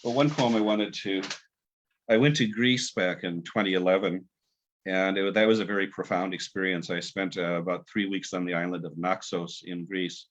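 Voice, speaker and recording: A poet guest telling stories in a rambling, halting way with many fillers, heard on a video call. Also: male voice, sits low, steady tone. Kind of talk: casual storytelling and poetry reading. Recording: dull lo-fi video call audio.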